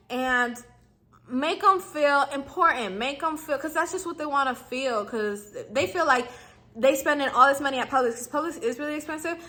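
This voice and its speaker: A woman's voice: high voice, moderate pace, sharp tone. A young woman in her twenties giving casual, slangy customer service tips to her viewers and acting out lines for clerks and customers. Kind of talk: casual advice vlog.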